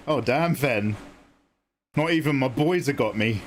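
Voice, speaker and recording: A man's voice: mid-range voice, expressive, normal speed, slight background noise. A man chatting casually on his art stream, telling a joke in a rambling, self-deprecating way. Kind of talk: casual chat while drawing on stream.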